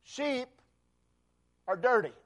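A man preaching a sermon, slow and emphatic, repeating key phrases and building to loud climaxes. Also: very high-pitched, animated.

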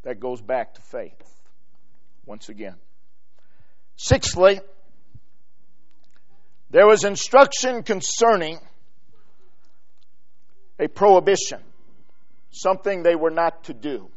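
A man preaching a sermon. He reads scripture in King James wording and swings from loud, stressed lines to hushed drops. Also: on the high side, sing-song, slow pace, long pauses, highs cut off.

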